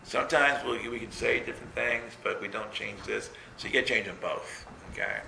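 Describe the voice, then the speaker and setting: A man preaching a sermon in a relaxed, conversational way, telling stories with self-mocking humor. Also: lowish voice, brisk, gravelly. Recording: roomy echo with faint noise.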